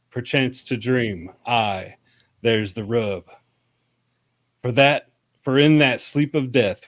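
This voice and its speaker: A country-accented man reading aloud Shakespeare slowly and with mock grandeur, drawing out each line. The sound is dry and close, with a mid-range male pitch. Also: no room sound. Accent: Southern US country. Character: country man reciting Shakespeare, slow and theatrical.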